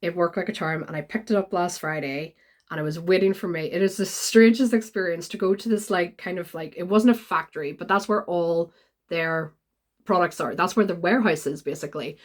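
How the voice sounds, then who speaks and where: A woman, chatting casually in a vlog and retelling a story with lively quoted voices. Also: fairly low pitch, a little fast. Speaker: vlogger.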